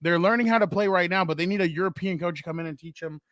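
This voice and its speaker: High-voiced man telling animated stories. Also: very fast, no echo, studio quality. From United States. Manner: animated storyteller acting out quotes. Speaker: co-host. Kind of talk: casual sports chat.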